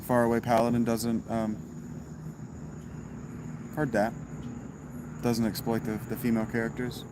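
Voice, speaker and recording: A man's voice: mid-range voice, completely flat delivery, unhurried, noisy background. Wry man chatting on a livestream. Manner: laid-back, wry, talks straight to chat, swears. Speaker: livestream host reading chat. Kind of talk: casual livestream chat.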